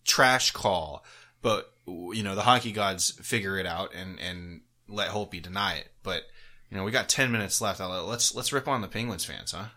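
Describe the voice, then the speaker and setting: Bright-toned, laid-back male podcast co-host. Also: low voice, moderate pace. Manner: laid-back, laughs often, blunt swearing. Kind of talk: casual chat.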